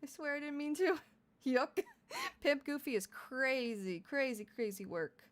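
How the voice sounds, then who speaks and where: Young adult female streamer, slightly high voice; loose, giggly, rambling live chat. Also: measured pace. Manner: giggly, rambling, laughs often. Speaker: VTuber streamer.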